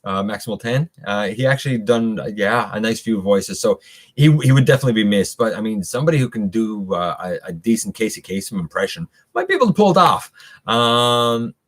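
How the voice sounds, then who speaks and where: A man's voice: on the low side, very animated, fairly quick. Rambling man hosting a live stream. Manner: rambling, many fillers and restarts. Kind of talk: casual live stream chat, reading viewer comments.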